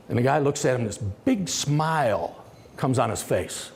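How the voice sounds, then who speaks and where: Man, summit keynote speaker; animated, chatty storyteller; long hall reverb. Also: mid-range voice, a little slow, gravelly. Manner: lively, conversational storyteller who acts out quoted dialogue. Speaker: company executive giving a summit presentation. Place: large conference hall.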